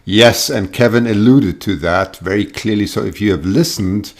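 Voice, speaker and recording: A man's voice: fairly low pitch, moderate pace. A man hosting a live call-in show, chatting casually and rambling, with lots of fillers and restarts.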